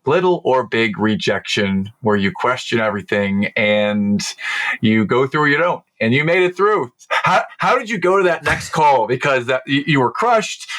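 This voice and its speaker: A man hosts a casual podcast interview at a middle pitch. He encourages his guest and asks follow-up questions. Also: lively intonation, normal speed, a bit bright. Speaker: podcast host.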